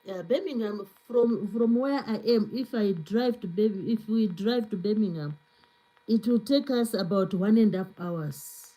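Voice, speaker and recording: A woman's voice: mid-range voice, unhurried, mellow, poor audio. A woman hosting a live stream, chatting casually and reading out viewer comments to answer them. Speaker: cooking channel host on a live stream.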